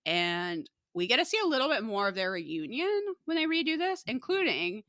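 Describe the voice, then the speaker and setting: A woman's voice: fairly high pitch, big pitch swings, moderate pace, a bit bright, no echo. A woman co-hosting a podcast, chatting casually and laughing often as she recaps a TV episode. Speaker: podcast co-host.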